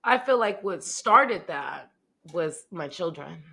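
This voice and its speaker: A woman guest in an interview speaking candidly, often pausing to search for words and laughing now and then. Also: fairly low pitch, lively intonation, creaky, pushed and bright, husky.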